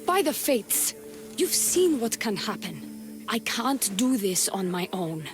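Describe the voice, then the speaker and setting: Sultry flirty priestess, slow teasing talk, game music behind. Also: female voice, mid-range voice, sing-song. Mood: earnest. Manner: sultry, teasing, slips into breathy whispers. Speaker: game character. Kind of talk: video game voice acting.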